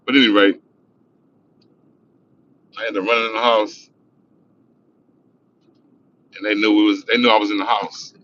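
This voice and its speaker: A man's voice: lowish voice, flat delivery, measured pace, pauses often, a bit bright. A middle-aged man from Los Angeles telling a profane, rambling street story on a livestream. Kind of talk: casual storytelling. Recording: dull lo-fi sound with faint noise.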